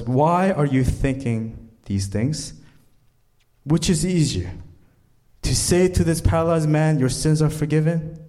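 A man's voice: medium pitch, dark tone. A male pastor preaching a sermon, reading scripture aloud and driving points home with emphatic rises.

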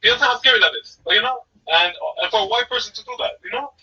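A man from the northeastern United States rattles on in casual podcast chat, animated, laughing often and checking in with his co-host. His voice is very bright and a little husky, and it comes at a quick clip. The recording is dull and lo-fi, with him sitting back from the mic. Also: very high-pitched. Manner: animated, laughs often, repeats "you know what I mean". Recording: muffled, distant, lo-fi mic.

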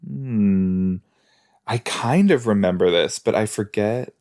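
Watching an episode on his podcast, this man makes casual, jokey reactions and thinks aloud, peppering his talk with fillers. His voice is fairly low and a little mellow, and he takes his time speaking.

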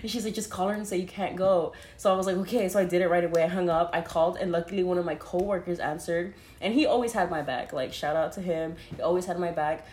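Young woman, low-pitched voice, casual storyteller, laughs a lot, swears, roomy echo. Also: fairly even intonation, quick pace, few pauses, darkish tone. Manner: laughs often, heavy use of "like", swears freely. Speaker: podcast co-host.

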